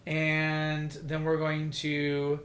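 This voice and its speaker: A man's voice: on the high side, completely flat delivery, drawn-out words, fairly bright tone. A young man co-hosting a podcast, chatting casually in a sassy, profane, teasing way. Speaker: podcast co-host. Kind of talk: casual chat.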